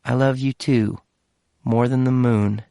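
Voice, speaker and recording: A man's voice: medium pitch, fairly even intonation, unhurried, vocal fry, dark tone, dry recording, studio quality. A man reading an audiobook, voicing a tense father who speaks curtly and impatiently. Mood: gentle. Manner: curt and impatient.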